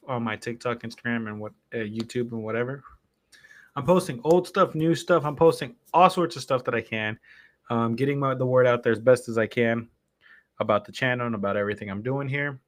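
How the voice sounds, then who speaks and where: Talking at normal speed in a medium pitch, a man hosting a live stream rambles chattily as he gets his show ready. This streamer and podcast host keeps cutting himself off and hopping from subject to subject.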